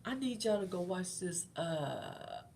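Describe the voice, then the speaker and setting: This middle-aged channel host speaks slowly in a low, sing-song voice with vocal fry and a slightly mellow tone. She chats with viewers about faith in a conversational, encouraging way, repeating herself often. Slight background noise is audible.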